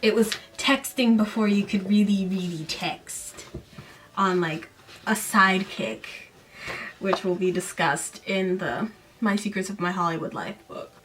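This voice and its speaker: A woman in her late twenties to thirties hosting a podcast, recapping a book in a casual way with sarcastic, animated, mocking asides. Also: mid-range voice, measured pace, distant mic, slight background noise. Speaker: podcast host.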